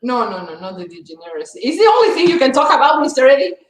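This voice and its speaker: A chatty woman hosting a livestream, who laughs often. Her voice sits a bit high. It sounds echoey, as if she is in a bare room. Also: very animated, quick pace, background noise. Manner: giggly, chatty. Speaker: livestream host. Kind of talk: casual livestream chat.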